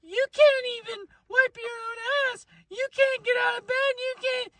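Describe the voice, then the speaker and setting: A man mocking a rival in a high falsetto "girly voice", with a whiny, shouting delivery. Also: fairly even intonation, unhurried, no room sound, full character voice. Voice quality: shrill falsetto.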